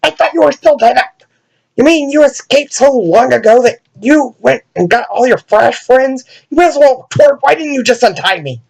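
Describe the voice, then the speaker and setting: A man voicing an arrogant, bratty young boy sidekick, shrill and indignant. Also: moderate pace, vocal fry, heavily acted, poor audio. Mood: indignant shouting.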